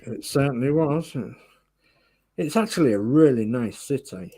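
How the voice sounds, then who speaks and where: A man's voice: medium pitch, animated, a little slow, warm tone, breathy edge. A man hosting a model-building livestream, chatting casually and muttering to himself as he works. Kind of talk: casual chat while building.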